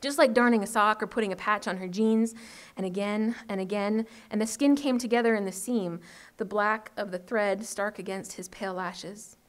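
A woman author reading her short story aloud at an open mic, in a steady, measured way. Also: mid-range voice.

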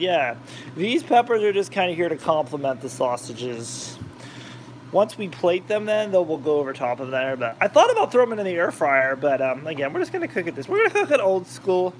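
A talkative man cooks in his home kitchen and rambles from one topic to the next. His voice sits a little higher than most men's. A faint hiss runs beneath the recording. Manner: rambling, chatty, drifts off topic. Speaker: cooking vlogger, channel host. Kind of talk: casual chat while cooking, reading viewer comments.

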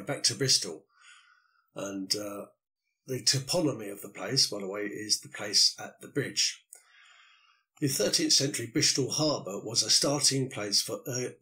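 A man's voice: on the low side, pushed and bright, rough recording. An older man hosting a solo podcast, talking through a loosely scripted monologue in a reflective way with the odd filler. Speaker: podcast host.

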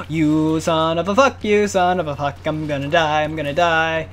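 A man with a bright, somewhat high voice gives let's play commentary into a desk mic. He keeps up a running stream of talk to himself and his viewers, breaking into panicky yelps and swearing, with faint game music underneath. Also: moderate pace, few pauses. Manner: excitable, panicky outbursts and cursing while playing. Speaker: gaming channel host.

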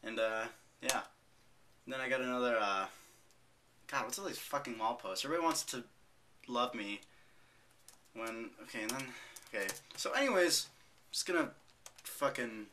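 A man's voice: mid-range voice, pushed and bright. A young man vlogging casually, rambling and swearing as he mocks himself. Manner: profane, rambling, self-mocking.

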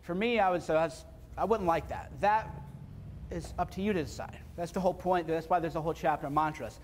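A man's voice: on the high side, fairly even intonation, brisk, slight background noise. A man speaking casually and bluntly to a live seminar audience, repeating points for emphasis. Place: seminar room before an audience.

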